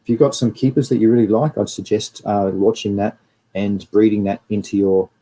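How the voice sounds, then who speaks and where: A man's voice: lowish voice, fairly even intonation, fairly quick, warm tone, low-quality recording. An Australian man hosting a livestream and giving a casual, rambling talk over slides while greeting viewers. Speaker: livestream host.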